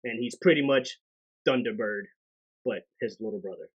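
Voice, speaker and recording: A man on a casual podcast, telling a story with energy and loudly acting out the characters' lines. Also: medium pitch, moderate pace, dull audio. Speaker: podcast co-host. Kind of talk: casual chat.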